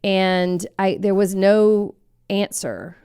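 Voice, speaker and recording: A woman's voice: mid-range voice, steady tone, slow pace, dark tone, smooth, dry recording, clean studio sound. A woman from Kentucky who leads an advocacy group, answering interview questions in a thoughtful, explanatory way. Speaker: executive director of an advocacy group.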